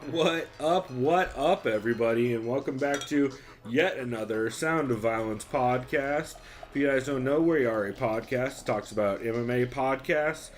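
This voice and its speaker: A man's voice: mid-range voice, normal speed. A man hosting a podcast, chatting casually with a co-host in a profane, joking way.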